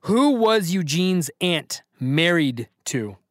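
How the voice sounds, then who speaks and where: Playful quiz-host man, bright and dry. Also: a little high, big pitch swings, slow, dry recording. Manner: playful, hype-man banter with callers. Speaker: podcast host and quizmaster. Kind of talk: casual trivia quiz hosting.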